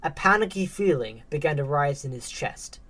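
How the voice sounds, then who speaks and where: A woman narrating a story in a measured, dramatic reading. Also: deep voice, animated, a bit bright.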